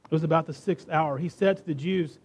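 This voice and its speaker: A man with a high voice delivers a sermon, reading scripture aloud with dramatic emphasis. He leans hard on key words and slows down to stress them. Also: darkish tone, breathy edge. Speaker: preacher.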